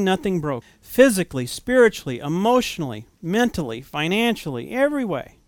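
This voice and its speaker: A man preaching an earnest sermon in a smooth, clear voice that sits a little high for a man. He keeps it conversational and puts rhetorical questions to his listeners. The sound is close and dry, with no room around it. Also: a little mellow, no room sound.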